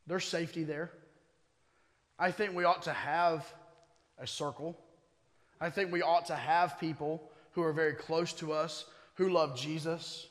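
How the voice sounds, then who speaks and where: A male pastor preaching a sermon, conversational at times and building to forceful emphasis. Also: fairly high pitch, fairly even intonation, measured pace, in a large hall. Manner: conversational asides with humor.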